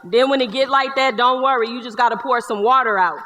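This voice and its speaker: A woman's voice: on the high side, brisk, slight background noise. A woman playing a joking Southern man on a live stage. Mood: playful. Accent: Southern US (North Carolina). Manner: streetwise slang, joking, lively storyteller. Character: boisterous young Black man recalling Kool-Aid. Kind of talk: one-person stage show. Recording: live theater hall reverb.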